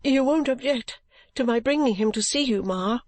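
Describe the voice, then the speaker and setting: A woman's voice: a little high, normal speed, darkish tone, dry recording, pitched above the performer's own voice, close to an everyday voice. Caddy, a woman doing a sobbing, pleading young woman. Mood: pleading tearful.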